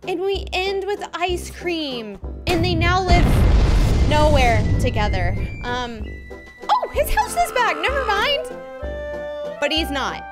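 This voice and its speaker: A woman's voice: very high-pitched, sing-song, slow pace. A woman hosting a reaction video, exclaiming, gasping and giving ratings as she reacts to clips. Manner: exclamatory, gasping, easily moved. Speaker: video host. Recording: loud clip music playing under the voice.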